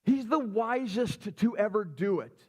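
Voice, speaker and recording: A middle-aged man preaching a sermon as a pastor, telling stories in a chatty, animated way and acting out the people in them. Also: high-pitched, unhurried, slightly rough. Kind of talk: sermon storytelling. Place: church sanctuary.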